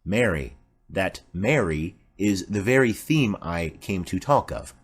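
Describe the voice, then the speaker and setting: A man's voice: deep voice, expressive, slightly rough, full character voice. A man voicing a stately noble mother. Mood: formal. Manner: formal, measured. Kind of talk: audiobook play reading.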